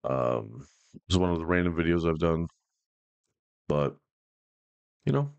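A man with a very low, deep voice gives relaxed, joking commentary as he tries out software. His talk is casual and full of slang. The sound is dry and close, with no room echo. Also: a little slow, gravelly, smooth, highs cut off. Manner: laid-back, joking, slangy. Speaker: YouTuber trying out software.

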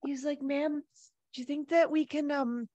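Animated, laughing woman telling a story. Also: sits high, moderate pace, no room sound. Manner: animated, laughs often, acts out quoted dialogue. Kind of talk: casual storytelling.

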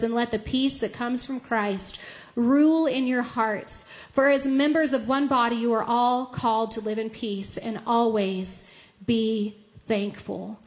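A high-pitched middle-aged woman preaches a sermon. She is animated and laughs along the way, and her voice climbs even higher when she acts out talking to God. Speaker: pastor.

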